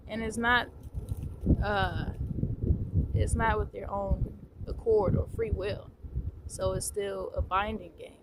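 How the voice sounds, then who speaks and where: A woman's voice: medium pitch, steady tone, slow, pauses often. Rambling spiritual woman over background noise. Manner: meandering, repeats words, occasional soft laughs. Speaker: spiritual teacher. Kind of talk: unscripted spiritual monologue.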